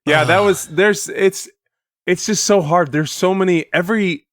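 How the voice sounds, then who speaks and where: A man's voice: sits high, normal speed, no echo, studio quality. A man co-hosting a casual gaming podcast, rambling through a story with restarts and laughs. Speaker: podcast co-host.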